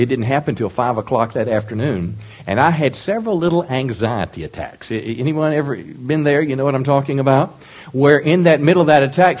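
Husky-voiced man preaching animatedly. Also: medium pitch. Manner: lively preaching, asks the congregation questions. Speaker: pastor. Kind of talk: sermon.

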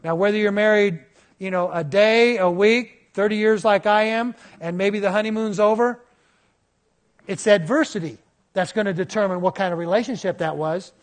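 A man in his fifties preaching a sermon, telling stories in a lively way. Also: high voice, moderate pace. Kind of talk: sermon storytelling.

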